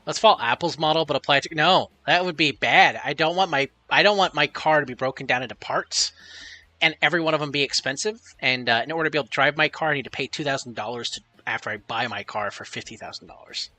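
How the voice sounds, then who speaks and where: A man's voice: a little high, fast talker, bright, forceful tone. A man streaming live, chatting casually and rambling with lots of swearing while reading chat messages aloud.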